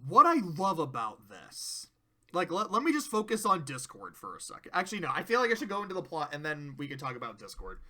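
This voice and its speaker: A man's voice: a little high, big pitch swings, brisk, bright, forceful tone. A man casually recapping a cartoon episode, rambling, profane, often interrupting himself.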